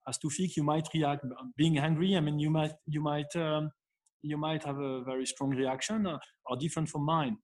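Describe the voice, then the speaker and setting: A man with a manner giving advice in an interview, speaking haltingly with many fillers and restarts. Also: fairly high pitch, little pitch movement, darkish tone. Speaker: guest expert. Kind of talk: interview answer.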